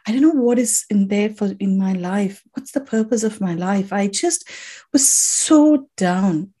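A woman's voice: mid-range voice, a little slow, dark tone. A woman and native Tamil speaker, a podcast guest, telling her personal story with heartfelt gratitude, emotional and close to tears, often restarting her sentences.

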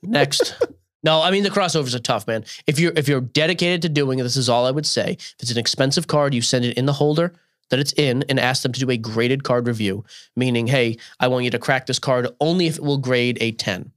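Hoarse podcast guy, blunt answers, medium pitch, dry close mic. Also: fast, no room sound. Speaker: podcast co-host. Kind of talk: casual chat.

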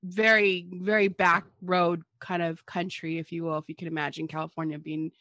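Woman co-host, somewhat low voice, dry sarcastic wit, close dead sound. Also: little pitch movement, moderate pace, pushed and bright, no echo, highs cut off. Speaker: podcast co-host. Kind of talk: casual history discussion.

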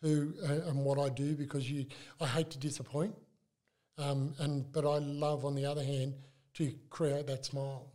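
An older Australian man chatting as an interview guest, telling stories in a halting, animated way with frequent restarts. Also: fairly high pitch. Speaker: club mascot performer, guest. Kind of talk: casual interview chat.

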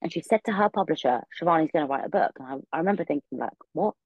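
A woman's voice: sits low, animated, rapid-fire, slightly rough, no echo, highs cut off. A young woman, a podcast guest in her room, telling a story casually and rambling with many filler words.

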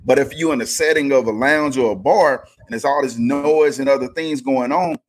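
A man's voice: medium pitch, moderate pace, a crowd in the background. A man co-hosting a faith podcast, talking in an emphatic, preachy storytelling way. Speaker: podcast co-host. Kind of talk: casual faith podcast chat.

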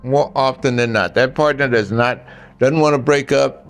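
In a casual monologue, an older man offers blunt relationship advice, telling stories and addressing the men listening head-on. He speaks at a medium pitch and moderate pace over faint background music.

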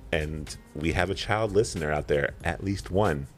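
A man's voice: deep voice, unhurried, faint music behind. A man in his thirties co-hosting a podcast, chatting casually and rambling off on tangents with chuckles. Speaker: podcast co-host.

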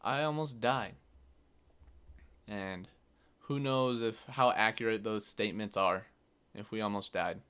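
A man's voice: on the low side, measured pace, pauses often, fairly bright tone, smooth. A young man hosting his own podcast, telling a story in a loose, casual way, full of fillers and swearing. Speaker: podcast host.

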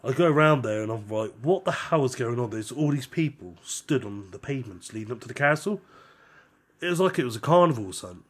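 A man with a husky, slightly rough voice, co-hosting a casual podcast chat. He tells his stories in an animated way, swears freely and laughs in the middle of his lines. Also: mid-range voice, fast talker. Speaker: podcast co-host.

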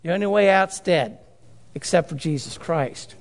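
A man's voice: a little high, moderate pace, creaky. A man preaching a sermon, emphatic, repeating and drawing out key phrases. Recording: long hall reverb.

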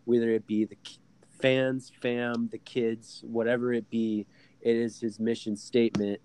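A man's voice: medium pitch, unhurried, slight background noise, low-quality recording. A man co-hosting a casual podcast chat, telling stories with lots of fillers. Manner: animated storyteller, many fillers. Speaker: podcast co-host.

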